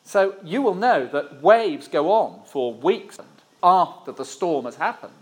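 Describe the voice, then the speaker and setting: A man from Cornwall, preaching a sermon with wry humor and dramatic pauses. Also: high voice, animated, husky. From Cornwall, England.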